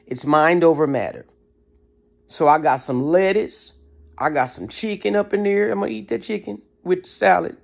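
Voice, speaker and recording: Gravelly-voiced motivational vlogger, preachy and emphatic, casual street slang. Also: mid-range voice, normal speed. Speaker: motivational speaker. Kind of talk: motivational talk.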